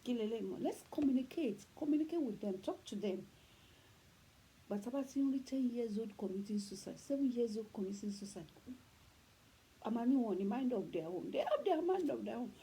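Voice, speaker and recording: A woman's voice: on the high side, expressive, fairly quick, mellow, husky, low-quality recording. A middle-aged woman with a Nigerian Yoruba accent, giving earnest parenting advice and repeating her points emphatically, with faint background noise. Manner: repetitive, preachy, emphatic. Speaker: parenting talk host.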